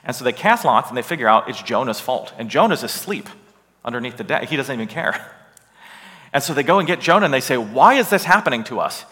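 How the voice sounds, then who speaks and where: A man teaching a Bible lesson with slides, emphatic and animated, often checking in with a rhetorical "right?". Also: mid-range voice, fast, long reverb tail. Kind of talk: lecture with slides.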